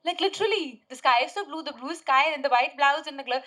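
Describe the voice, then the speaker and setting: A woman, telling stories in a chatty, animated way and playfully teasing at a press meet. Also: high voice, fast talker. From India. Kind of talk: casual press-meet talk.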